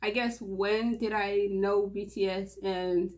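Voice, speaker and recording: A young Mauritanian woman introduces her own channel in a casual vlog, nervous and giggly, rambling and restarting often. Her mid-range voice is slow and a little mellow, with fairly even intonation.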